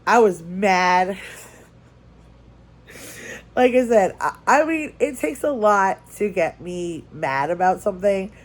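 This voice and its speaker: A woman vlogger telling a story in casual chat, lively and repeating phrases for emphasis. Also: mid-range voice, takes it slowly, long pauses. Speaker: crafting vlogger.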